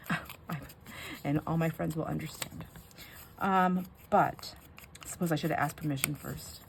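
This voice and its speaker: A woman's voice: low-pitched, vocal fry, a little mellow, slight background noise. An older woman chatting casually to her viewers while she crafts, rambling, sidetracked and emotional. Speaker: crafting vlogger.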